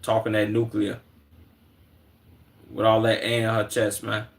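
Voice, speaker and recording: A man's voice: on the low side, monotone, a little slow, vocal fry. Laid-back slangy young male streamer. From Chicago. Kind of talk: casual reaction stream.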